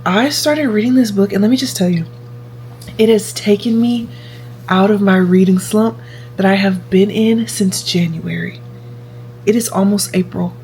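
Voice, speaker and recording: A woman's voice: medium pitch, normal speed, slight background noise. Chatty young woman vlogging. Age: 20s. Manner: chatty, repeats herself, animated. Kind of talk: casual vlog chat.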